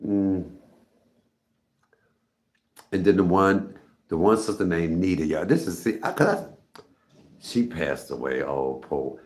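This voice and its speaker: A middle-aged man casually telling a story to his viewers, animated and laughing, jumping up high in pitch when he retells what he said. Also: slow pace, pauses often. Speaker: storytelling host of a live stream.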